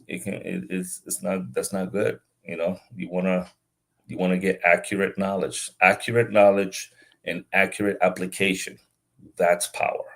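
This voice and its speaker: A man with a fairly low voice talks through his ideas as a guest on a business interview. His delivery is relaxed and halting, circling back over words as he works toward his point. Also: gravelly. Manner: relaxed, halting, repeats words while thinking. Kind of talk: casual interview talk.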